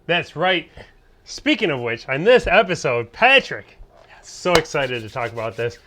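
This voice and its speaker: A man co-hosting a casual podcast, excitable and quick to laugh, chatting about shows and music. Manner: excitable, laughs often, jumps between high and low pitch. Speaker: podcast co-host. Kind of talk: casual chat.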